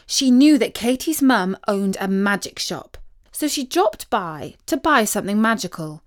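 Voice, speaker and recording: A woman narrating a children's story in a gentle, expressive storytelling voice. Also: mid-range voice, a little slow.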